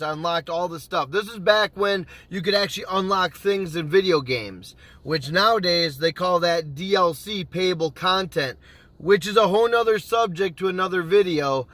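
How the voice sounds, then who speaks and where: Bright, high-voiced man telling a rage story. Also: dry recording. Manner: animated, swears freely, acts out his own past lines. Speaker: gaming YouTuber. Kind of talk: casual storytelling to camera.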